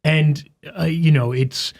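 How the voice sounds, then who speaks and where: A man's voice: a little high, steady tone, takes it slowly, vocal fry, a little mellow. A man talking as a guest in a casual chat, talkative and self-deprecating.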